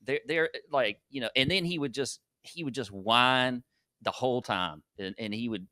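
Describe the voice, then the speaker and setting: Podcast cohost dude, bright voice, dry close sound, laughs a lot. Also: male voice, mid-range voice, normal speed, dry recording. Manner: laughs often, rambling. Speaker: podcast co-host. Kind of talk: casual chat.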